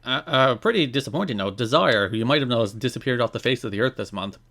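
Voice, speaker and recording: A man's voice: medium pitch, animated, fast, a bit bright. An Irish man co-hosting a podcast in casual chat, reading out news notes and adding dry asides. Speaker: podcast co-host.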